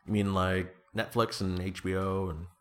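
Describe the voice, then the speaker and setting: A man's voice: deep voice, little pitch movement, normal speed, fairly bright tone. A middle-aged man chatting casually as an interview guest, rambling and self-deprecating, with lots of fillers and restarts. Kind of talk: casual conversation.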